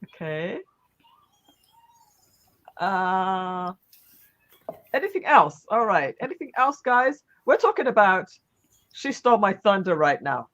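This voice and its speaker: A woman hosts a casual live stream, her pitch rising and falling in a lively way as she repeats her praise, restarting sentences and filling pauses. The sound is dull and lo-fi, like stream audio. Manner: warm, repetitive praise with frequent restarts and fillers. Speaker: host of a live online talk show.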